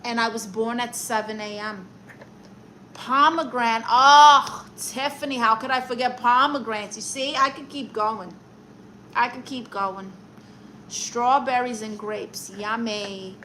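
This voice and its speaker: A woman's voice: fairly high pitch, bright, forceful tone, a little hiss or hum, rough recording. A woman with a Brooklyn accent hosting a casual live stream, reading chat comments aloud and roasting viewers in a sassy, playful way.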